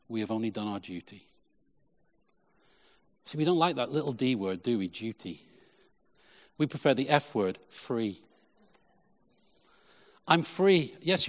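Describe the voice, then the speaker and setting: Guy preaching a sermon in a big echoey church hall, mid-pitched voice. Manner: lively preaching, repeated "Lord" in prayer. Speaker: pastor. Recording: long church hall reverb.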